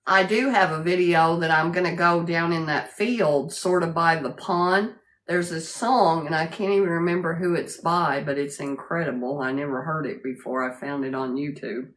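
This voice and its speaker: A woman's voice: deep voice, normal speed, fairly bright tone. A woman hosting a casual livestream, greeting viewers by name and laughing often as she chats. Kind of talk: casual live chat.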